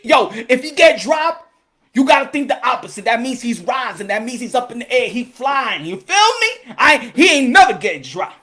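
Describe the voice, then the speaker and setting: A man hosting a boxing channel on a live stream, loud, rowdy and swaggering, who breaks into Spanish. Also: very high voice, very animated, fairly quick, husky.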